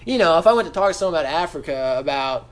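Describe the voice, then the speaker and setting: A man's voice: on the high side, expressive, very fast. A man co-hosting a podcast, talking casually with a profane, rambling manner. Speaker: podcast co-host.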